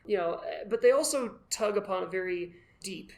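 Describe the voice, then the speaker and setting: A man as the guest, telling his story in an animated, self-deprecating way and acting out his own past thoughts. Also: high-pitched, normal speed. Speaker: guest, costumed charity volunteer. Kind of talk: casual storytelling in a conversation.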